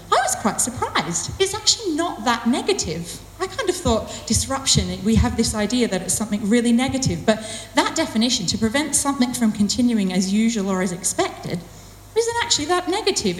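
A woman delivers a personal sermon in a chatty, self-deprecating way, leaning on words with playful emphasis. Her voice sits at a middling pitch. It rings through a roomy hall with a long reverb tail. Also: slight background noise. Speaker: church speaker.

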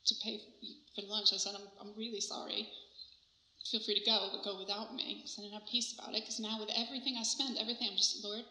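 A woman preaching a sermon, telling a personal story in an animated way and often laughing. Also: mid-range voice, quick pace, slight background noise. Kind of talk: sermon testimony. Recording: roomy echo.

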